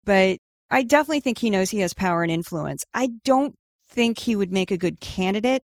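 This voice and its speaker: A woman answering interview questions in a casual, animated way, full of "like" and "you know". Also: mid-range voice, a little fast, no room sound, clean studio sound. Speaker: guest, media newsletter writer.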